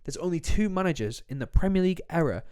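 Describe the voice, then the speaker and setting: A young man, co-hosting a casual football podcast, animated and quick, acting out quotes as he goes. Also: fairly high pitch, clear, resonant tone. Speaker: podcast co-host.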